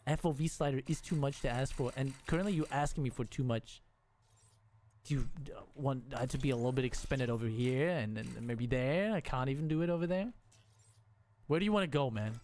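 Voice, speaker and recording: A man's voice: medium pitch, a little mellow, slight background noise. A man streaming a game, talking casually to himself and the game, frustrated and joking as he builds. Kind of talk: casual gameplay commentary.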